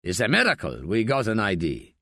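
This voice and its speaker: A heavyset, irritable coroner snaps back brusquely, short of breath, as a male narrator voices him. His lines sit a little lower than the narrator's own voice, recorded dry and close for an audiobook. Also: wildly swooping pitch, brisk, sharp tone, dry recording, exaggerated voice. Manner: brusque, dismissive.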